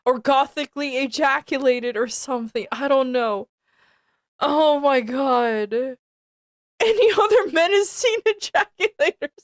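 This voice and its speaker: A woman's voice: sits high, expressive, a little slow, no echo, clean studio sound. A young woman streaming, reading aloud and reacting in disbelief while often breaking into giggles. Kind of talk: casual live-stream reading commentary.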